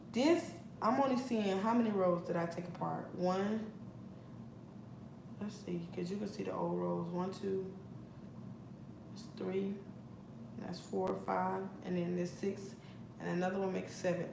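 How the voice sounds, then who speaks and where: A woman's voice: mid-range voice, vocal fry, background noise. Blunt, profane young woman venting. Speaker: vlogger. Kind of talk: casual storytime vlog. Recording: echoey room with faint ambience.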